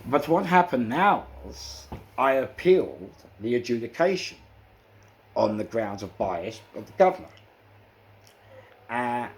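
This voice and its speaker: A man with a London accent recounting prison episodes in animated storytelling, acting out the exchanges and often saying "you know". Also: medium pitch, measured pace, pauses often. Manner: acts out quoted exchanges, frequent "you know" fillers. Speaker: interviewee recounting prison life.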